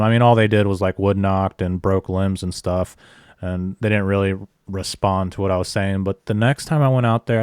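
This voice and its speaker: A man hosting an interview podcast, telling his own field stories in a steady, even way. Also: on the low side, clean tone, dry recording, studio quality. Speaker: podcast host. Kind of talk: casual interview chat.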